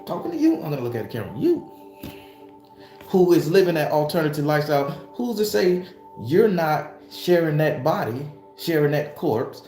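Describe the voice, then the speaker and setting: A man's voice: a little high, mellow. A man giving a fired-up spiritual talk straight to the camera, swearing freely and firing off rhetorical questions like a preacher. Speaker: spiritualist YouTuber. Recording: echoey room with faint music.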